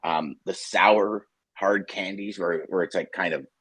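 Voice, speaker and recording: A man co-hosting a casual morning show over a video call, animated and laughing as he rambles through stories. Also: low-pitched, unhurried, slightly rough, no room sound. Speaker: co-host.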